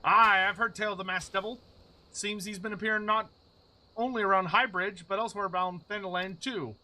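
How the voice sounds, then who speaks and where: A man voicing a wary merchant who passes on rumors in measured, old-fashioned talk, reading game dialogue aloud. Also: high-pitched, fairly even intonation, bright, forceful tone, rough recording.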